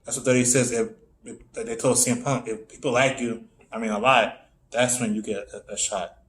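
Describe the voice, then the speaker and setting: A man co-hosting a casual wrestling podcast, answering briefly and matter-of-factly, with halting restarts. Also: mid-range voice, level tone, a bit bright, poor audio. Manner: short matter-of-fact corrections, halting restarts. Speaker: podcast co-host.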